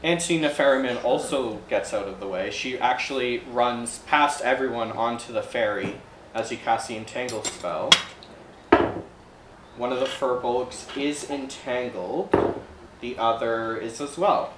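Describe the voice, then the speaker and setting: A game master calmly narrating a tabletop game to the players around the table. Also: mid-range voice, a little slow. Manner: calm, explanatory narration. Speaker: dungeon master. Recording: roomy echo, faint background noise.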